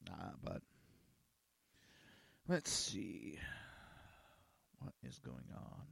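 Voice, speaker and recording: A man's voice: sits low, huge pitch swings, drawn-out words, creaky, a bit bright, breathy edge, dry recording. A man hosting a small radio and online show, talking in a casual rambling monologue, often repeating words and cursing casually.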